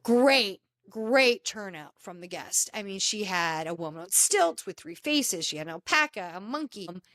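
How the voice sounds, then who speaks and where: A woman's voice: mid-range voice, very animated, normal speed, fairly bright tone. A woman hosting a podcast, casually recapping a reality show in a chatty, opinionated way and acting out the dialogue. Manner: chatty and opinionated, acts out quoted dialogue, frequent restarts. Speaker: podcast host.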